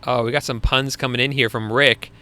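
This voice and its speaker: A young Long Island man hosts a casual live Q&A stream, chatting loosely with viewers in a mid-range voice that's pushed and bright, with fairly even intonation and a fairly quick pace. He's chatty, laughs easily and restarts often.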